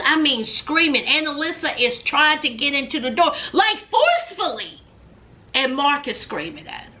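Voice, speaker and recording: High, lively woman host recapping drama. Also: a little slow. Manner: dramatic, exclaiming and drawing out words; chatty, speaks straight to her viewers. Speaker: YouTube host recapping a reality show. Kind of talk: casual reaction commentary.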